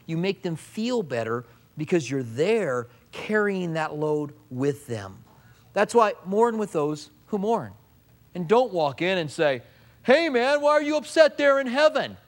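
Conversational preaching pastor, fairly high voice. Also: male voice. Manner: conversational preaching with mimicked asides and restarts. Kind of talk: sermon.

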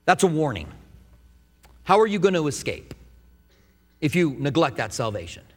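A man preaching a sermon, telling stories and acting out quotes in an animated way. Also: a little high, normal speed, big-room sound. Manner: animated storytelling with acted-out quotes. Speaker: pastor.

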